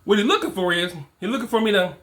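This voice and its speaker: A man's voice: high voice, expressive, fast talker, a bit bright. A man in his forties giving casual, emphatic motivational talk to other men, repeating his points with slang. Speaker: fatherhood and men's coach.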